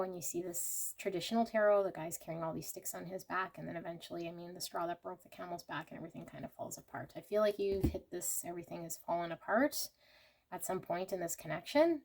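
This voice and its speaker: A woman's voice: fairly low pitch, fairly even intonation, fairly quick. A woman giving a casual pick-a-card tarot reading to her viewers, emotional and chatty with many fillers. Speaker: tarot reader.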